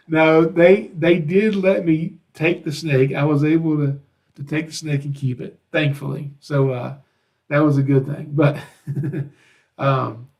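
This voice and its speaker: A man talks through a podcast episode, his voice sitting a little higher than most men's. He tells stories in a relaxed, folksy way and slips into the voices of the people he quotes. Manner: folksy, acts out quoted dialogue. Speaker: podcast host, snake handler. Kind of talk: casual storytelling monologue.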